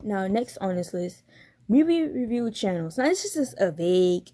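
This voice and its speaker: A woman's voice: mid-range voice, very animated, moderate pace, dark tone. A young woman giving a casual commentary vlog as a YouTuber, talking bluntly with lots of profanity, slang and laughter.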